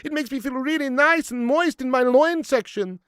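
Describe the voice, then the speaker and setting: A man doing a squeaky, giddy German manager. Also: moderate pace, a bit bright, smooth, no echo, studio quality. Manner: squeaky, gushing, with filler "yeah". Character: excitable middle-aged German male football manager.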